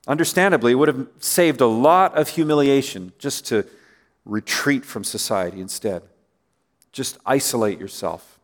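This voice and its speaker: A male pastor preaching in a relaxed, conversational way, with a voice of ordinary middle pitch. He keeps checking in with his listeners through rhetorical questions. His voice sinks softer and lower as phrases end. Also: normal speed. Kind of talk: sermon.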